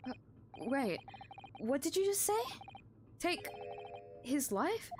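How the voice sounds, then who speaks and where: A panicky young lawyer who stammers and trips over his words, read by a woman playing a game. The voice is lively in its rises and falls, with faint hiss behind it. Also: high voice, takes it slowly, full character voice. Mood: flustered. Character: flustered young male defense lawyer.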